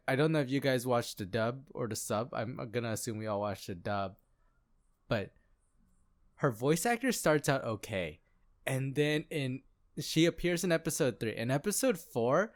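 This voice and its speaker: Man, casual podcast chat, lively swooping pitch, laughs a lot. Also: unhurried. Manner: animated, laughing, does mock voices. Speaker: podcast co-host. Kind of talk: casual anime recap chat.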